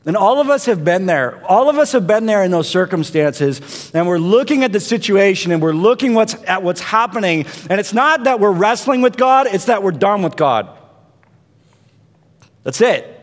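A man preaching a sermon in a somewhat high voice. His delivery swings between intense peaks and hushed lows. The sound carries a long hall reverb. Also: expressive, normal speed. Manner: dynamic preaching, rising to intense peaks and dropping to hushed tones. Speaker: pastor.

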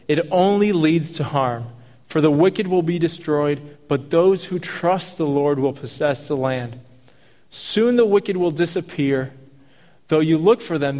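Casual preaching man in a reverberant hall. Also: on the high side. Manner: casual, jokey asides between scripture readings. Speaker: pastor. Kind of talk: sermon.

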